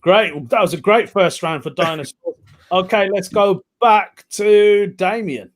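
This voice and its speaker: Brief: male host, high voice, slow and unhurried, casual video-call banter. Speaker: host of an online pun contest. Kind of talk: casual hosting chat.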